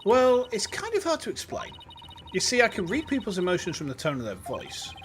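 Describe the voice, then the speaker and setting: A man's voice: high voice, huge pitch swings, brisk, fairly bright tone, a little hiss or hum, pitched above the performer's own voice, heavily acted. A man voicing an earnest young woman defense attorney in an eager, upbeat way while reading a game aloud.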